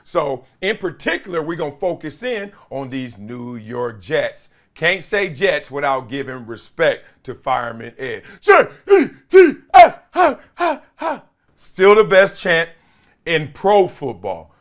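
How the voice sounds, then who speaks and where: A middle-aged man hosting an animated sports talk show, playful, with quick asides and impressions. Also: medium pitch. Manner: lively, playful, drops into quick impressions and chants. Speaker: host.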